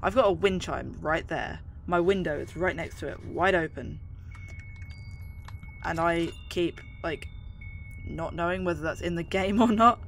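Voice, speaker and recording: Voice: mid-range voice, measured pace, gravelly, slight background noise. A gamer with a London accent and a slight lisp, commenting on a horror game in a chatty, jumpy way, swearing often. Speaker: gaming video host. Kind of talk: let's play commentary.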